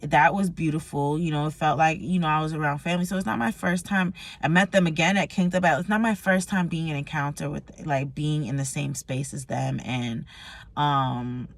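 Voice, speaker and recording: A woman's voice: sits low, fairly even intonation, normal speed. A young woman talking candidly and emotionally in a personal vlog, swearing freely and using slang. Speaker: vlogger.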